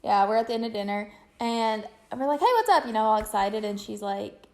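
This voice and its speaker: A woman's voice: mid-range voice, flat delivery, brisk, a little mellow. A woman vlogger telling a story in a chatty, rambling way with lots of fillers. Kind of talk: casual storytelling to camera.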